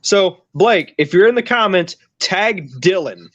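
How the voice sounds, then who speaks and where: A man's voice: high voice, expressive, a little slow, no echo, highs cut off. A man hosting a podcast, telling a long story in casual chat with a rambling, teasing manner. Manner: rambling, teasing, restarts a lot. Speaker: podcast host.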